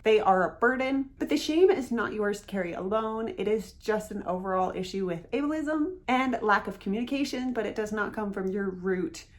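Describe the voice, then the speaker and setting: A woman giving an encouraging instructional talk to camera about asking people to repeat themselves. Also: fairly high pitch. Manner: earnest, encouraging, acts out sample phrases. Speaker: hearing-loss educator.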